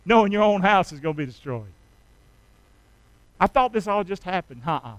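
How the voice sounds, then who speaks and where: A man preaching a sermon, prompting his congregation to answer back, dropping soft and low at times and then bursting out loud. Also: big pitch swings, normal speed, no echo, low-quality recording. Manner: swings from soft and low to sudden loud shouts. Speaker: pastor.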